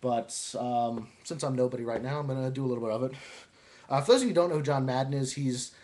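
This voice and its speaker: A man's voice: medium pitch, fast talker. Casual young man introducing impressions. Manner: relaxed, chatty, hesitant with fillers. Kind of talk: casual video monologue.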